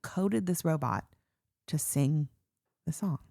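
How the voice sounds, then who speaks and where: A woman's voice: sits low, takes it slowly, gravelly, warm tone, dry recording, clean studio sound. A woman co-hosting a podcast, musing in casual chat and laughing often. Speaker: podcast co-host.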